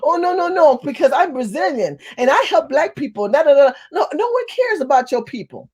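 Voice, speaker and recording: A woman telling a story to her camera in an animated, emphatic rant, with some cursing. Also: high voice, a little fast. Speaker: vlogger. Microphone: phone or camera facing her.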